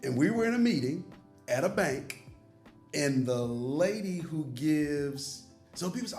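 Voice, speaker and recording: Southern guy pastor, voice jumps all over, kinda high, echoey room faint music behind. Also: measured pace. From North Carolina, US South. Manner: animated storyteller acting out quoted voices. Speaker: pastor and host. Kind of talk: casual conversation.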